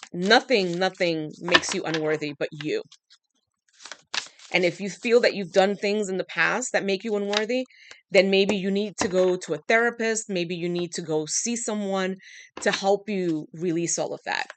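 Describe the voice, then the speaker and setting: A woman's voice: lowish voice, normal speed, background noise. A woman giving a channeled tarot reading, talking straight to the listener in an emphatic, coaxing way, her throat dry. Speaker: tarot reader.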